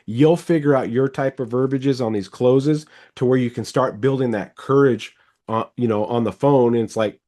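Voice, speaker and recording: A middle-aged man coaching a car salesman over a video call in a casual, animated way. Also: mid-range voice. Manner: animated, rambling, quick bursts. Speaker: sales trainer, podcast host.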